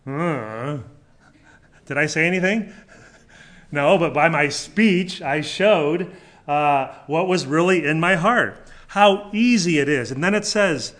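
A man's voice: on the high side, takes it slowly, fairly bright tone. Man preaching with emphatic rhetorical questions. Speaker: pastor. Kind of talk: sermon.

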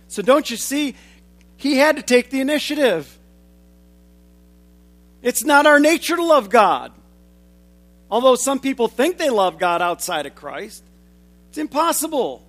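A man in his forties delivers a sermon in a notably high voice. He drives some lines home loudly and drops others to a hush, working through his points with steady conviction. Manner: swings from loud emphatic lines to hushed low ones. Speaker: preacher.

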